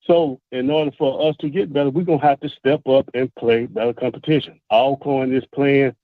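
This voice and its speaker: A man's voice: medium pitch, steady tone, dry recording. Earnest male caller on a tinny phone. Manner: earnest, halting, repeats words. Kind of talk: call-in sports talk. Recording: dry, tinny phone line.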